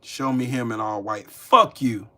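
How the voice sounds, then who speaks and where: A man's voice: medium pitch, steady tone, unhurried, pushed and bright. A man hosting a live stream, ranting angrily and cursing as he talks back to his chat. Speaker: livestream host. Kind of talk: angry live-stream rant.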